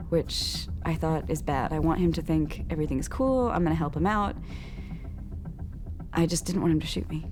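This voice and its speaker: A young woman telling the story of her kidnapping in a documentary interview, halting and earnest, with many restarts. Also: sits low, noisy background. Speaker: survivor recounting a crime. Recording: music bed under the voice.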